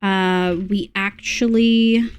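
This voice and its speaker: Speaking very slowly in a smooth, mid-range voice with fairly even intonation, this young Australian streamer talks casually to her audience as she games. She mutters to herself and swears when something irritates her.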